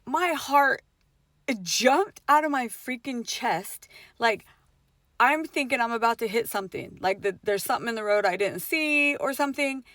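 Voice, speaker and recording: A woman's voice: on the high side, animated, moderate pace, a bit bright, no echo, clean studio sound. A middle-aged mother telling a personal story in a casual vlog, swearing often, with lots of fillers and emphatic swings.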